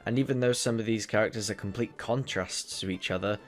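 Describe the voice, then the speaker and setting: A man's voice: on the low side, brisk, faint music behind. A young man talking through a video essay in a casual commentary style, with wry, sarcastic asides.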